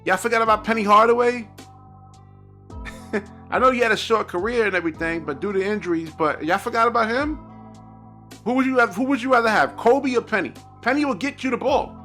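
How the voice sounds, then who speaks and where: A man's voice: high voice, bright, forceful tone. A man commentating on basketball in an exasperated, repetitive reaction rant, often tacking on "man".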